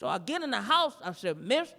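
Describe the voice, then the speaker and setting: A woman performing a standup comedy routine live, telling a story in a brash, profane, animated way. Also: medium pitch, fast, gravelly, long reverb tail. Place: live performance in a gallery space.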